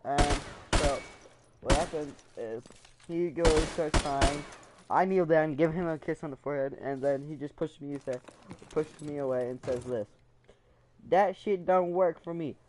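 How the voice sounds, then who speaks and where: A man's voice: a little high, normal speed, noisy background. Man rambling through a personal story. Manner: rambling, emotional storytelling with frequent fillers; acts out quoted voices. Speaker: vlogger. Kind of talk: casual storytime.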